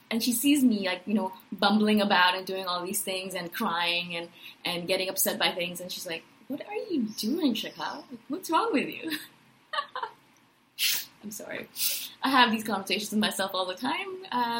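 A woman in her thirties giving a casual personal monologue as a podcast host, enthusiastic and animated, often tagging her points with "right?". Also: medium pitch, poor audio. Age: 30s.

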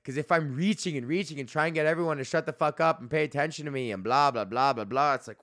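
A male podcast host rambles through his road stories, swearing freely and circling back on himself. His voice is bright and a little high for a man, and the room is dry and close. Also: fast, hardly any pauses, no echo. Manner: profane, rambling storytelling with lots of fillers. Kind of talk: solo rambling monologue.

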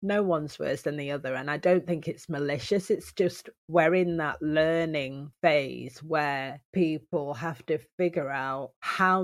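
A woman DJ chatting as a podcast guest, telling stories with lively asides. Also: low voice, dry recording, clean studio sound. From United Kingdom. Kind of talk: casual chat.

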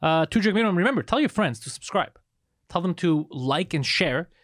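A man co-hosting a podcast in rapid, profane bursts, acting out little quotes as he tells a story. His voice sits a little high and moves quickly. The close mic sounds dry. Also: animated, fairly bright tone, no echo. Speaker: podcast co-host. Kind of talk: casual podcast chat.

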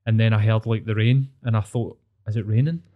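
A man's voice: fairly low pitch, steady tone, a little fast, phone-quality sound. Man, Glaswegian accent, casual storytelling, rambling, swears a lot, earnest. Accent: Scottish, Glaswegian.

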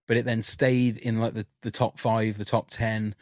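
A man's voice: fairly low pitch, little pitch movement, normal speed, dry recording, studio quality. A man talking as a podcast guest, telling candid stories in casual chat with lots of restarts. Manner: chatty, candid storytelling with frequent restarts.

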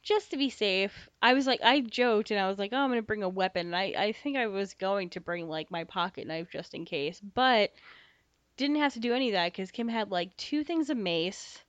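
A young woman co-hosting a podcast, telling a story in casual chat, animated, swearing freely and acting out dialogue. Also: medium pitch, normal speed, no room sound. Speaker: podcast co-host. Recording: slightly dull dry podcast mic.

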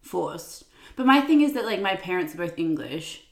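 Australian woman, podcast co-host, casual chat, lowish voice, echoey room. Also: moderate pace. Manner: animated, laughs often, chatty. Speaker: podcast co-host, magazine editor. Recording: roomy echo.

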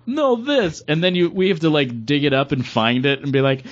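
A man's voice: medium pitch, fast, lo-fi sound. A man co-hosting a podcast in casual chat, joking around with crude humor. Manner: joking, crude, animated storytelling. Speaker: podcast co-host.

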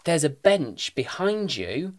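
Lively, teasing man. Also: a little high, takes it slowly. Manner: dry, teasing, animated when joking. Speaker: podcast co-host. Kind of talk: casual chat.

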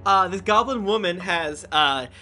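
A man playing a tabletop game, describing a character with halting, searching phrasing. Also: high voice, animated, sharp tone. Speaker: player. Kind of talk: casual chat around a tabletop game.

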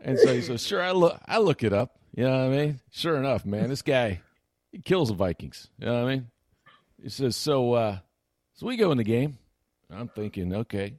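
A man's voice: mid-range voice, moderate pace, no room sound. A man hosting a sports talk show, telling a long story with a voice that rises and falls a lot. He keeps slipping into imitations of the people in the anecdote. The sound is dry and close, with no room around it. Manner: animated anecdote teller, mimics others' voices. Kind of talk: casual storytelling chat.

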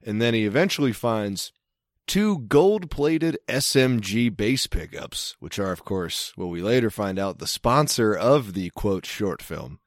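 Wry, rambling man with a lowish voice. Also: expressive, unhurried, no room sound, studio quality. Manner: rambling and wry, with frequent fillers and restarts. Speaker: podcast co-host. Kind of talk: casual chat.

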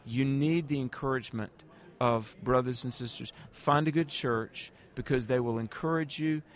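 Speaking at a normal speed in a mid-range voice, this male guest evangelist responds to interview questions. He tells earnest stories straight to the listener.

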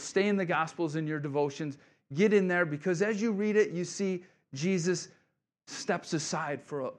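A male pastor giving a conversational, encouraging sermon, often asking the congregation "right?" and repeating key phrases. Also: on the high side.

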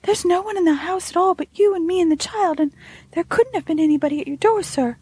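A woman voicing a timid, evasive young maidservant girl who talks high and stammers. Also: quick pace, a little mellow, no room sound. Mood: nervous.

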